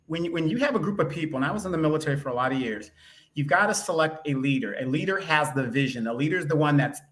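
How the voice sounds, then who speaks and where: A man co-hosting a talk show, speaking in a relaxed, rambling way and often restarting his sentences. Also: fairly high pitch. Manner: relaxed, rambling, self-correcting. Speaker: co-host. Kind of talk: casual talk show chat. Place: vacation spot with motorcycles outside.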